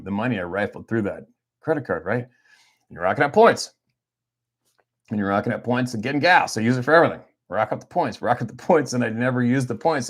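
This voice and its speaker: A middle-aged man, talking off the cuff on a livestream, rambling and blunt and swearing freely. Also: lowish voice. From Canada. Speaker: hunting guide and livestream host. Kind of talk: casual livestream chat.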